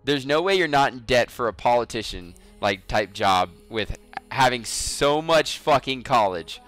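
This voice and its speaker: A game streamer in his twenties chats casually on a livestream, joking, swearing freely, teasing his viewers and laughing often. His mid-range voice is animated and fairly bright, with a measured pace. The sound is clean with no room echo, and soft music plays in the background.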